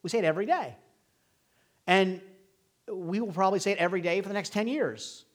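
A middle-aged man preaching a sermon, moving between hushed, slow lines and emphatic bursts. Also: high-pitched. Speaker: pastor.

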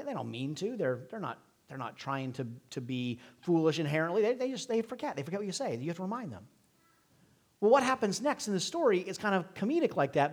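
A middle-aged man preaching a sermon, moving between hushed, slow lines and emphatic bursts. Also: high-pitched. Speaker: pastor.

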